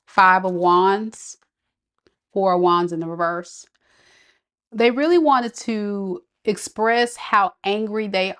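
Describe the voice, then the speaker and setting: A woman's voice: medium pitch, fairly bright tone, clear, resonant tone. A woman giving a live tarot reading, talking casually and reacting to viewer comments. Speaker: tarot reader.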